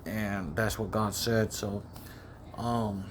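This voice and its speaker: A man's voice: fairly low pitch, flat delivery, takes it slowly, background noise. A man preaching in a rambling monologue, often repeating words, speaking close to the microphone. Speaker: self-styled preacher.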